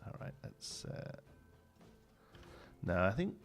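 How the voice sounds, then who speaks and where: A Brummie-accented game streamer from Birmingham, England, a man in his thirties, chats casually on a live stream, rambling with lots of restarts. His low, gravelly voice moves slowly with huge pitch swings. Faint music plays in the background.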